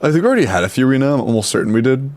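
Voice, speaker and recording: A young man streaming live, casually chatting and greeting viewers in quick succession, swearing now and then. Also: mid-range voice, big pitch swings, darkish tone. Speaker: streamer reviewing game accounts.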